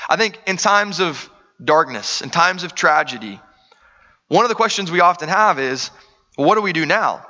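A man's voice: a little high, expressive, moderate pace, sharp tone. Man, pastor, sermon, earnest conversational preaching, dull muffled sound, long hall reverb.

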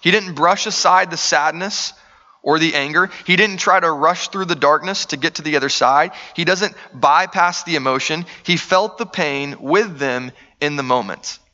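A man's voice: on the high side, normal speed, bright, forceful tone, long reverb tail, muffled recording. A man preaching a sermon, earnest and conversational, asking the room rhetorical questions. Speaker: pastor.

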